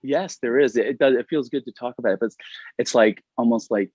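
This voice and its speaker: A middle-aged man joins a casual interview as a guest over a video call, rambling, peppering his speech with "like," and laughing often. His voice is medium-pitched, quick, a little mellow, and breathy. The audio is dull and dry.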